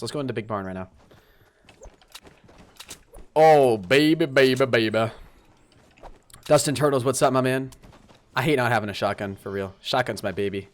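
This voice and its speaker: A man's voice: mid-range voice, slight background noise. Chatty male game streamer. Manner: lively, talks straight to chat, quick apologies. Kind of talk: live gameplay commentary and chat shout-outs.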